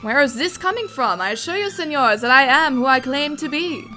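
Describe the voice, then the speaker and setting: A woman's voice: sits high, expressive, a little fast, sharp tone, faint music behind, pitched above the performer's own voice. A woman voicing a sly fox con man with a fake Spanish accent. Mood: ingratiating. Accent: put-on Spanish accent. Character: scheming male fox con man posing as prince.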